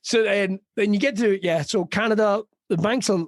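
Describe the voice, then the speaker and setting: A man with a West of Scotland accent, a comedian chatting as a podcast guest, telling lively stories and acting out the people in them. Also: high voice, moderate pace, dry recording, clean studio sound. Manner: lively storyteller who acts out quoted voices and laughs often. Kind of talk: casual podcast chat.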